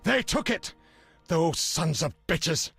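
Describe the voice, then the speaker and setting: Gravelly grumbling dwarf smith. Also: male voice, a little high, animated, slow pace, fairly bright tone, soft background music, full character voice. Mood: indignant. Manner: grumbling and indignant. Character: gruff, bitter male dwarf blacksmith. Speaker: game character.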